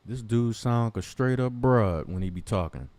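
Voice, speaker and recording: A man's voice: medium pitch, lively intonation, moderate pace, a little mellow, dry recording. A man ranting in a commentary vlog, confrontational and mocking, swearing heavily. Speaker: commentary vlogger.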